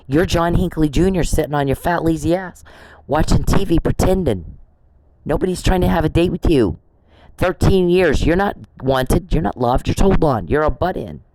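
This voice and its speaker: A woman hosting her own channel launches an angry, profane, accusatory rant directly at the person she blames, hammering the same insults over and over. Her voice is deep and dark, and the rough recording carries a little hiss or hum.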